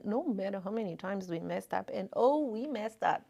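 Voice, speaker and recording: A woman in her fifties giving an informal spiritual talk at a spiritist center, with personal stories and gentle humor. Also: medium pitch, animated, normal speed, creaky, few pauses, slightly rough. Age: 50s. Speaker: spiritist lecturer. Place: lecture room at a spiritist center.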